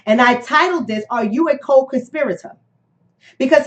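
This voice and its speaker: A woman's voice: high voice, moderate pace. A woman hosting a live-streamed book club discussion, talking emphatically, repeating key phrases and asking rhetorical questions.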